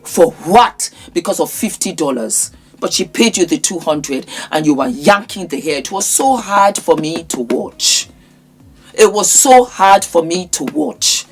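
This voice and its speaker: A woman's voice: lowish voice, expressive, measured pace, breathy edge. Woman ranting on her vlog, sore throat, repeats herself for emphasis, faint music under it. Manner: indignant, scolding, repetitive emphatic phrasing. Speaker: vlogger. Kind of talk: impassioned commentary monologue. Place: in England.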